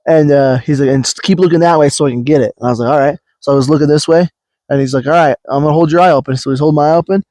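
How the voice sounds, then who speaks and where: Brief: young guy, casual podcast storyteller, rambly and profane, a bit high-pitched, dry close sound. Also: very fast, no echo. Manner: rambling storyteller, swears a lot, acts out quotes loudly. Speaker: podcast co-host. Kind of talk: casual chat.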